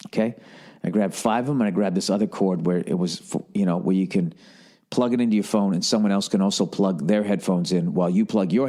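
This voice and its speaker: Profane rambling man telling a comic story. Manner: animated, profane, self-mocking, jumps pitch for quoted voices. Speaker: comedian podcast host.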